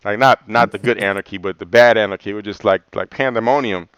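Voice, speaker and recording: A man's voice: on the low side, fast, fairly bright tone, smooth, dry recording. A man hosting a livestream and answering live comments in a loose, rambling way, laughing often and saying "man" a lot. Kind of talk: casual livestream chat.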